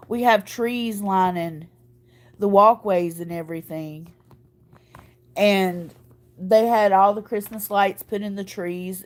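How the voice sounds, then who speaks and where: A woman, chatting casually to her viewers in a folksy, rambling way, her voice choked up from earlier crying. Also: medium pitch. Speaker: vlogger.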